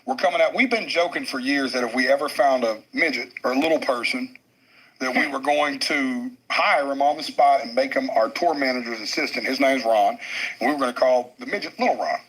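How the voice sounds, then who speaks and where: Husky man telling a wild story. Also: medium pitch, fairly quick, poor audio. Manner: excitable, laughing often, crude. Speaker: podcast guest telling a story. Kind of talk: animated storytelling.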